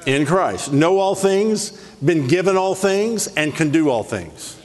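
A man preaching a sermon in a lively, playful way, rattling off scripture references. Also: on the high side, slow pace. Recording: long hall reverb.

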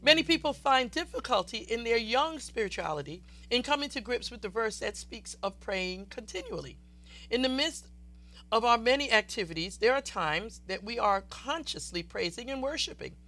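A woman preacher delivering a fervent, exuberant sermon that swells into loud declarations. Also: a little high, lively intonation, moderate pace.

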